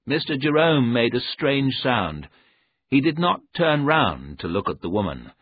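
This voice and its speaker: A man reading a story aloud in a measured, deliberate narration. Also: mid-range voice, sing-song, breathy edge. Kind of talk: scripted audiobook narration. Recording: narrow phone-like audio.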